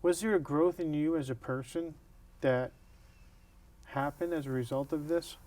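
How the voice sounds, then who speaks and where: Male interviewer, mellow tone, earnest and halting, often restarts questions. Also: on the high side.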